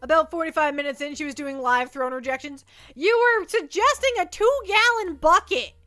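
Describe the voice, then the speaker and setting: A woman's voice: high-pitched, moderate pace, sharp tone, faint music behind. A woman livestreaming from her desk at home, chatting playfully and rambling as she reads chat messages aloud.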